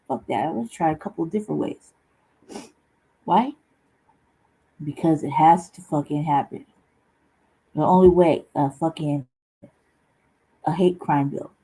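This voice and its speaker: A woman's voice: deep voice, warm tone, slightly rough, rough recording. A woman hosting a casual commentary vlog, ranting bluntly and profanely and laughing at what she has just played. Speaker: host.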